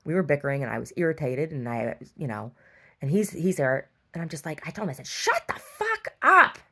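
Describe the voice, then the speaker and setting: A woman's voice: sits low, fast, a little mellow. A middle-aged woman who owns a store, telling a long rambling story and getting exasperated, with many restarts. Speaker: store owner. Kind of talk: casual storytelling monologue.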